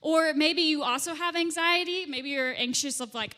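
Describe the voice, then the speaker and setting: A woman's voice: high-pitched, fairly even intonation, moderate pace, few pauses, pushed and bright. A young woman giving a chatty, playful youth group talk to middle schoolers, acting out little scenes as she goes. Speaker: youth leader. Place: church youth room. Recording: reverberant hall.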